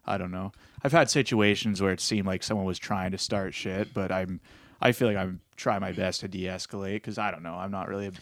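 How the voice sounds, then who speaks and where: Low-voiced rambling young man, dry sound. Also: steady tone, a little fast, fairly bright tone, no echo. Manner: hesitant, rambling with many restarts. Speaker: podcast co-host. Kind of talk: casual chat.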